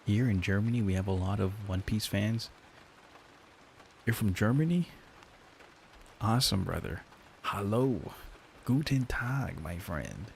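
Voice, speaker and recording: Unhurried and lowish, the young man's voice has vocal fry, and he pauses often against slight background noise. Streaming, he talks loosely and profanely with viewers, leaning on "like" and "dude."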